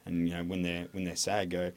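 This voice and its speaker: A man's voice: sits low, monotone, brisk, a little mellow. An Australian man, an army veteran, talking candidly in an interview in a rambling way, with lots of hesitation and frequent swearing.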